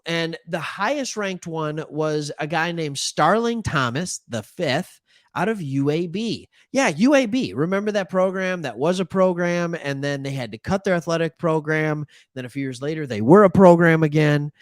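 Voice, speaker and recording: A fairly high-voiced man from Michigan talks sports in a loose, animated way, tossing in jokes and side comments as he goes. The sound is dry and close, with no room around him. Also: moderate pace, no room sound. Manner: animated, joking asides, plays imagined callers. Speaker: sports talk show host.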